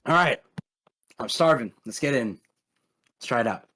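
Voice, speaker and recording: Animated rambling man player. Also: mid-range voice, normal speed, rough recording. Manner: rambling, filler-heavy. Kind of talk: casual tabletop game chat.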